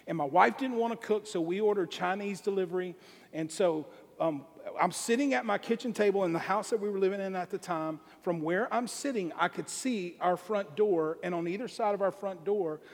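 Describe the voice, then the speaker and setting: A man speaking to a congregation, telling a comic story in a lively way and laughing along as he goes. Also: high voice, in a large hall. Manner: animated, laughs through his own story. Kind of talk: comedic storytelling sermon.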